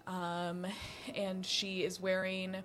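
A woman playing a tabletop role-playing game, describing her character in a gentle, measured way. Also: on the low side, completely flat delivery. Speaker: player.

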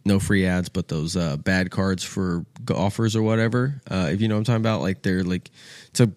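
A young man with a lowish voice tells a rambling story, loose and profane, jumping into the voices of the people in it. The sound is close and dry, with no room around it. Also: fairly quick, no echo. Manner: animated, swears freely, acts out quoted voices. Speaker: podcast guest. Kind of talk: casual storytelling.

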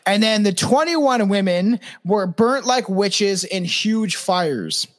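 A man's voice: high voice, lively intonation. A man co-hosting a podcast, telling a grisly story in crude, casual talk full of swearing. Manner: crude, swears often, quick and laughing. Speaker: podcast co-host.

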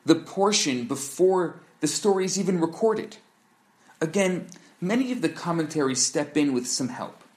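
A man in scripted narration, teaching a Torah lesson in a measured, explanatory way and posing rhetorical questions. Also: on the high side, expressive.

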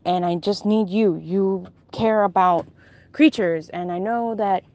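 A woman's voice: mid-range voice, measured pace, darkish tone, lo-fi sound, close to an everyday voice. A woman voicing a faceless impostor uncle from a dream, who speaks sternly and gives orders. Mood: coaxing. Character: faceless impostor uncle, angry and demanding man.

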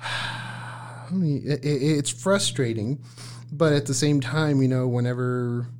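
A man's voice: medium pitch, takes it slowly, darkish tone. A man, a paramedic guest, telling work stories in casual chat, laughing often and acting out his own lines in a raised voice.

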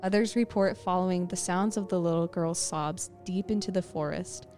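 Woman podcast host, low voice, spooky second-person storytelling, faint music behind. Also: normal speed, darkish tone. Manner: second-person scene-setting, leading the listener.

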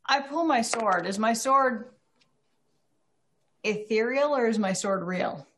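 A woman's voice: a little high, slow, fairly bright tone. A woman playing a tabletop horror game, blunt and direct about her moves. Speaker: player. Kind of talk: casual game play.

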